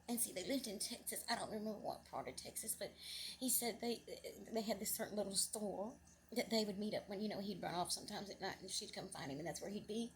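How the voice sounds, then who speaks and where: A woman's voice: medium pitch, a little fast, a little hiss or hum. A middle-aged woman casually telling a personal story. She rambles, restarts often, and her voice rises with feeling. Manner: rambling, with many restarts and asides; earnest and emotional, voice rising when moved.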